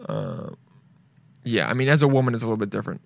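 A man's voice: fairly low pitch, huge pitch swings, quick pace, creaky, no echo. Laid-back, profane male podcast host. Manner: loose, rambling and profane, with playful asides. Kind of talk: casual solo show chat.

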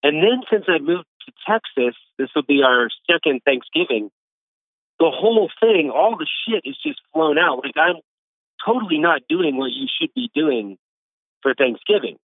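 A man's voice: a little high, lively intonation, normal speed, dry recording. A man who is a food editor and restaurateur, guesting on a podcast, telling loose stories full of "like" and acted quotes. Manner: loose storytelling, acts out quotes, says "like" a lot. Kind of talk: casual phone interview. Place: home in Texas. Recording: phone line.

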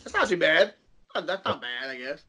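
A man's voice: fairly high pitch, sing-song, normal speed, bright, forceful tone. A man in casual chat, laid-back and swearing often, talking about cosplay.

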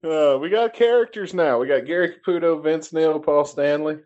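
A man co-hosting a podcast, chatting casually with a low-key, dry joking manner. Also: normal speed, darkish tone, dull audio. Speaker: podcast co-host.

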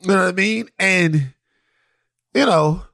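Male podcast co-host, slightly high voice, animated casual delivery with restarts, dry close studio sound. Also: measured pace, gravelly, no echo. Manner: animated, restarts and repeats phrases. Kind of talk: casual chat.

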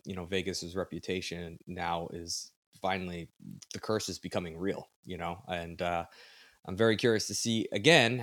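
A man's voice: sits low, dry recording, studio quality. A man co-hosting a casual sports podcast, talking in a loose conversational way with asides. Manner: conversational, many restarts and asides. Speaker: podcast co-host.

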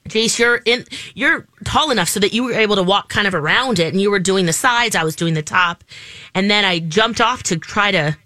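A woman with a bright voice tells a story in a loose, rambling way. She laughs easily as she talks, and the recording is dry and close. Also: mid-range voice, a little fast, no echo. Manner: chatty, rambling, laughs often. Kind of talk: casual storytelling.

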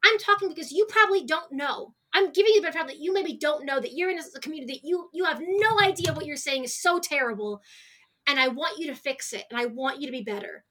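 A woman guest on a podcast, talking in an animated, storytelling way in casual chat. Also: sits high, fast talker.

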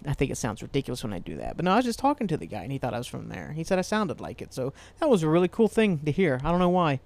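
A man's voice: on the high side, sing-song, racing, gravelly, a little mellow. A man from Ohio hosting a casual solo podcast, rambling loosely, swearing freely and laughing at himself. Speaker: podcast host.

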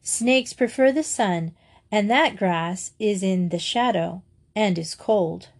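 A woman's voice: medium pitch, slow, darkish tone. Woman doing a serious, polite schoolgirl. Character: serious, well-mannered schoolgirl.

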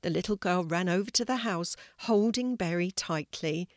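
Older woman, grandma storyteller, low gentle voice, dry close sound, measured read. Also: dry recording. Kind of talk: reading a children's story.

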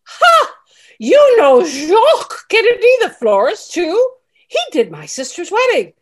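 An actress playing an excitable, gushing woman at a speed dating event in a comedy sketch. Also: extremely high pitch, a little slow, full character voice.

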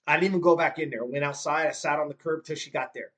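A fifty-year-old man from Southern California tells a story from his youth as a podcast guest. His voice sits a bit high for a man, and he gets animated, repeating phrases and playing out other people's lines as he goes. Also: racing. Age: 50s. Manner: animated, repeats himself when moved, acts out his mom's lines.

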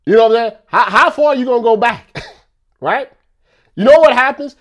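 A man's voice: very high voice, normal speed. A man talking in a casual rant, repeating himself and firing off rhetorical questions.

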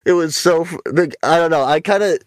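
A man's voice: fairly high pitch, fairly quick, dry recording. Young male podcast host, swears a lot, rambling mocking rant, dry close sound. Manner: profane, rambling storyteller; mocking, ranting. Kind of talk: casual podcast chat.

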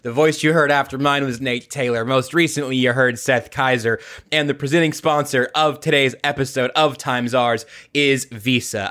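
A man's voice: a little high, a bit bright. A male podcast host chatting casually over a video call, rambling with fillers and self-deprecating jokes.

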